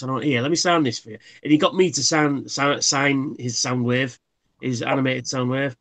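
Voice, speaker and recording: A man's voice: mid-range voice, brisk, fairly bright tone. A man, a livestream guest, telling anecdotes casually and acting out what people said. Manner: anecdotal, acts out quotes. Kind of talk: casual chat.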